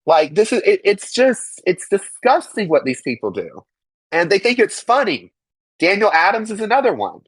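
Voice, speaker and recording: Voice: mid-range voice, sing-song, moderate pace, husky, dry recording, low-quality recording. A young adult interview guest giving emphatic, indignant personal testimony, swearing freely and mocking others in quoted voices.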